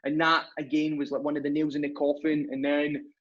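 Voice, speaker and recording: A man's voice: on the high side, completely flat delivery, fairly quick, fairly bright tone. A young man, a podcast guest telling his story in a chatty, rambling way. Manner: chatty, rambling, acts out dialogue. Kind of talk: casual storytelling. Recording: muffled lo-fi recording.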